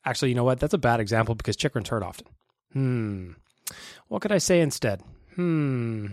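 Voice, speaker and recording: Lively joking podcast host. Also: male voice, medium pitch, brisk, no room sound, clean studio sound. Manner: animated, joking, swearing, rambling. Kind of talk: casual sports podcast chat.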